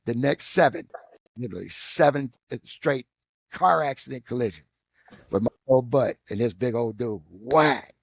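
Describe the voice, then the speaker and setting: A middle-aged man with a Midwestern American accent shares football stories as a podcast guest, speaking at a medium pitch. He is an animated storyteller, and the recording is dry and close. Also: a little slow, vocal fry, slightly rough, no room sound. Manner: animated storyteller, acts out quotes with rising pitch. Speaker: guest, former football player and coach. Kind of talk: casual storytelling interview.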